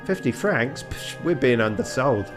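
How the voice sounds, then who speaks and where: A man's voice: medium pitch, animated, unhurried, over music, voice pushed up, close to an everyday voice. A man voicing a cheeky, greedy young male sparrow assistant who keeps complaining.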